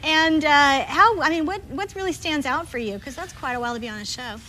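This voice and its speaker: A woman hosting a talk show, chatty and quick to laugh as she interviews her guest. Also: sits high. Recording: TV studio with loud audience and noise.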